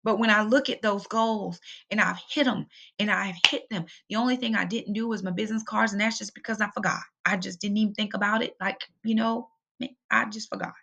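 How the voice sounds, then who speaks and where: Chatty middle-aged woman, gravelly. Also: medium pitch, steady tone, fairly quick, pushed and bright. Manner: chatty, emphatic, preachy and encouraging. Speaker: budgeting vlogger, single mom. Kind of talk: casual direct-to-camera vlog.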